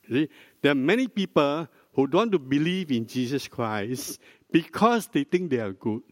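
An older man, a pastor, preaching a sermon in a slow, deliberate teaching manner, prompting the congregation with questions. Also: a little high, lively intonation. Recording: dry close mic with long hall reverb.

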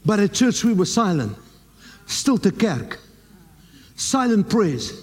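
High-voiced South African preacher, slow. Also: male voice, sing-song, darkish tone, breathy edge, in a large hall. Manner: emphatic preaching, slips in Afrikaans words. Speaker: pastor. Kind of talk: sermon.

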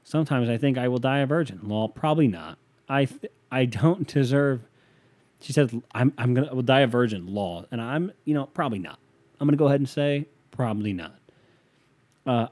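A man's voice: medium pitch, normal speed, a little mellow. A man in his twenties hosting a casual podcast, reading a listener's letter and giving advice in a rambling, profane, joking way. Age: 20s. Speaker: podcast host.

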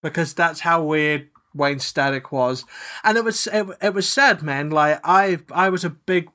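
A man's voice: on the high side, unhurried. A man co-hosting a podcast, chatting casually, swearing and laughing as he tells stories. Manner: swearing, laughs a lot, animated storyteller. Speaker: podcast co-host. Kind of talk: casual chat.

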